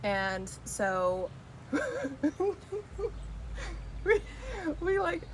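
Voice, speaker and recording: A woman's voice: medium pitch, very animated, extremely slow, a little hiss or hum. A woman hosting a casual chat, telling a story in a chatty way with laughs. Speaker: host.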